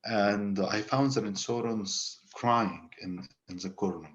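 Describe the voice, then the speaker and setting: A man's voice: on the low side, takes it slowly, dull audio. Hesitant Egyptian-accented man telling a story. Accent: Egyptian Arabic. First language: Arabic. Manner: hesitant, repeats and restarts words. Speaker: panel guest writer. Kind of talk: casual spoken storytelling.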